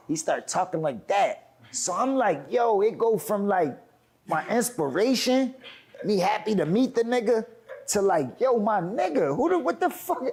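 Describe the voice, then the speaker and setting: Man, Philly accent, animated storyteller, slangy and profane, somewhat high voice. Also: a little slow, vocal fry, breathy edge. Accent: Philadelphia. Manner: lively, acts out quotes with swings in pitch. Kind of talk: animated anecdote.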